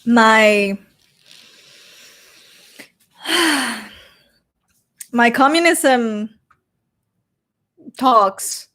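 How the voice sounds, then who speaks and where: Slow-talking chatty woman. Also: fairly high pitch, steady tone. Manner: chatty, laughs often, reads comments aloud. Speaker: streamer reading live chat. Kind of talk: casual live-stream chat.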